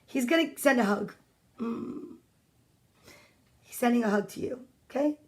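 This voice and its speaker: High-voiced woman reading storybooks aloud. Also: unhurried, darkish tone, husky. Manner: chatty, greets viewers by name between pages; playful, exclaims over the pictures. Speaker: children's story reader. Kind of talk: live-streamed storybook reading. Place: at home.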